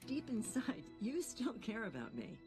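An actress playing a brash, teasing middle-aged witch in an animated series. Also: a little high, measured pace, music in the background. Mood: earnest. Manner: cocky, teasing, then earnest. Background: cartoon score.

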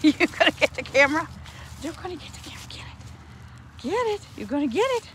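A woman with a high voice sweet-talks her rescue animals in cooing baby talk. Her pitch bounces up and down as she fusses over them in this casual vlog. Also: sing-song, a little fast, a bit bright, a little hiss or hum. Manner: coos to animals in sing-song baby talk.

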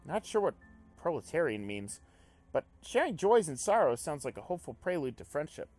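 Let's play host: a man narrating a visual novel, animated, quick to swear and react. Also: on the high side, faint music behind. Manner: excitable, swears, jumps between reading and reacting. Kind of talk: reading a visual novel aloud with commentary.

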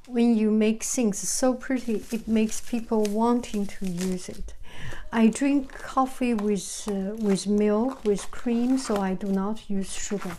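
A woman vlogger chatting casually over a cup of tea, halting and restarting, often drifting into soft whispers. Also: mid-range voice, a little hiss or hum, low-quality recording. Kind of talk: casual tea-time show-and-tell.

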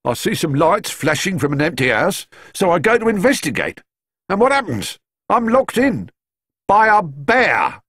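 A bitter, indignant policeman from a storybook, his voice pushed high and full of grievance, as a man puts him on. Dry, close recording. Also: big pitch swings, normal speed, a bit bright, breathy edge, no echo, exaggerated voice.

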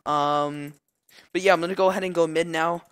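A young man commenting on his own video game match as he plays, chatty with many fillers and loud outbursts at big moments. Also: a little high, fairly even intonation, a little fast, clear, resonant tone. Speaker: gameplay commentator. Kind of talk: live gameplay commentary.

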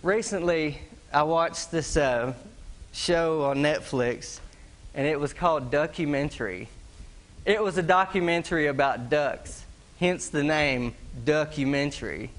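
A man's voice: fairly high pitch, a little slow, a bit bright. A middle-aged man, preaching a sermon in a folksy storytelling way, chuckling at his own tale and mimicking animal calls. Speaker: pastor.

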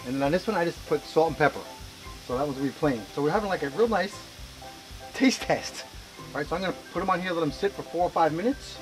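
A man's voice: fairly high pitch, quick pace, music in the background. A man hosting a casual cooking segment at home, chatting in a rambling way with frequent restarts. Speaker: co-host cooking on camera. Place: home kitchen and grill.

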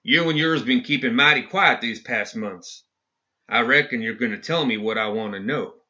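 A man's voice: mid-range voice, a little slow, bright, forceful tone. A man voicing a towering, threatening frontier lawman in a prairie drawl, in a dull lo-fi audiobook recording. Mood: menacing. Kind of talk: audiobook story reading.

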